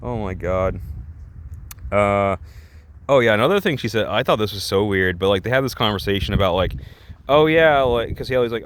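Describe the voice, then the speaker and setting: A man's voice: on the low side, animated, normal speed, clean tone. A man ranting in reaction commentary, rambling and exasperated, with many restarts and fillers. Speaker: vlogger.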